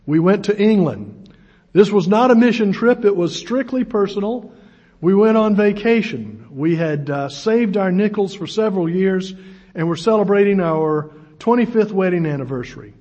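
A man's voice: high voice, expressive, normal speed, warm tone. A man, preaching a sermon in a folksy storytelling way, with self-deprecating humor. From United States. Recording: dull lo-fi recording.

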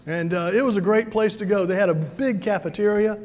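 A man's voice: high voice, brisk, darkish tone, in a large hall. A man from South Carolina, preaching a sermon in a folksy storytelling way with many fillers. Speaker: pastor.

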